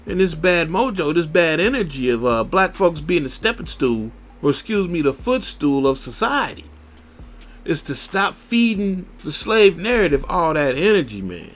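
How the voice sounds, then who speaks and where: A man's voice: on the high side, big pitch swings, normal speed, faint music behind. A man hosting a radio show, ranting in a blunt, profane and preachy way. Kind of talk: profane solo radio rant.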